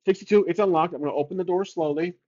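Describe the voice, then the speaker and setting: A man's voice: sits high, very fast, darkish tone, muffled recording. A man narrating his solo tabletop game, casually thinking aloud and rolling odds for each choice.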